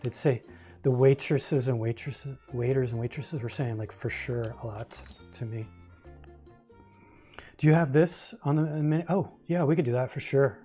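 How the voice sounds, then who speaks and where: Mellow-voiced man rambling on stream. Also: mid-range voice, normal speed, soft background music. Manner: rambling, storytelling, chatting with viewers. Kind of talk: casual gameplay livestream chat.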